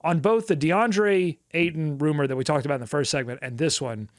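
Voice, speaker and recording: A man's voice: a little high, a little fast, dry recording, studio quality. A man co-hosting a sports podcast, talking casually with lots of fillers and playful asides. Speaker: podcast co-host.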